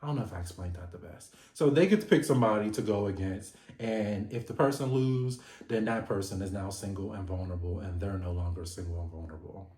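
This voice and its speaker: A man giving an animated, gossipy casual recap of a reality TV episode, laughing often. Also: on the low side, quick pace, hardly any pauses, echoey room.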